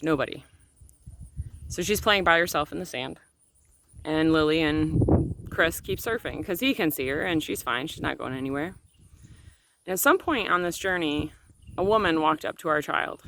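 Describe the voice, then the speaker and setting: A woman's voice: deep voice, a bit bright, slight background noise. A woman speaking directly to her viewers, telling a personal family story in an earnest, emotional, conversational way. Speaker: channel host.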